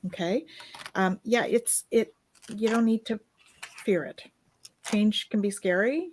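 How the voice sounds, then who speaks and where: A woman with a middle-pitched voice giving a live psychic reading. She speaks calmly and gently, guiding the listener step by step. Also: slow pace, a little hiss or hum. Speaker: psychic reader.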